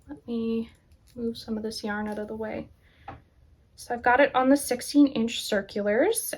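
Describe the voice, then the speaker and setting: A woman hosting a knitting podcast, chatting casually and enthusiastically as she shows her projects, laughing often. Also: a little high. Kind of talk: casual show-and-tell chat.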